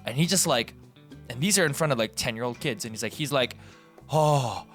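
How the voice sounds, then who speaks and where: A young man hosting a podcast, telling stories in a casual, animated way and acting out what other people said. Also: medium pitch, fairly quick, soft background music. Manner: animated, acts out voices in quotes. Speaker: podcast host. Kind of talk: casual storytelling.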